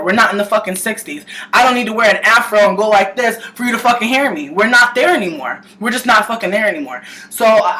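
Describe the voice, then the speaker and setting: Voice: medium pitch, sharp tone, poor audio. A vlogger ranting to camera in a casual, impassioned and profane way, full of fillers like "like" and "you know". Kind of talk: casual vlog rant to camera.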